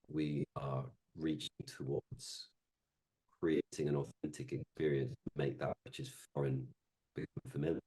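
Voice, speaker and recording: A man with an English accent with slight Welsh tinges, speaking as a panelist in a thoughtful, measured way with frequent ums. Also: extremely low pitch, darkish tone, husky. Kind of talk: lecture panel discussion.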